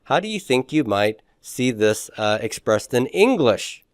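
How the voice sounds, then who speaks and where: A man's voice: medium pitch, sing-song, unhurried, smooth, no room sound, clean studio sound. A man teaching a beginners' Greek lesson, explaining patiently and often checking in with "okay?". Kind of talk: classroom lecture.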